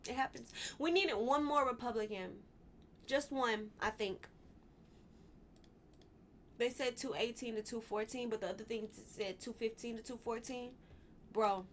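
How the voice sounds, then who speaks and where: A woman with a slightly high voice rants through casual political commentary on her vlog. She is candid and heated, swears freely, and keeps wandering off into personal asides before reeling herself back in. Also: a little slow, pauses often, slight background noise.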